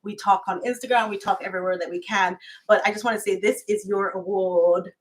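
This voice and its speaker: A woman's voice: mid-range voice, fairly even intonation, brisk. A young woman from Barbados with a Barbadian accent, chatting effusively on a live stream and laughing often. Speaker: YouTuber hosting a live stream. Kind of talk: casual live-stream chat. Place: at home, camera set far off.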